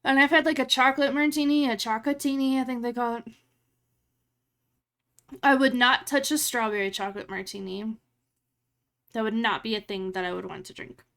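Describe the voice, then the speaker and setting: A woman's voice: on the high side, fairly even intonation, moderate pace, pauses often, fairly bright tone. A woman streamer chatting casually with her live chat while she edits photos. She rambles along, fills her talk with "like" and laughs easily.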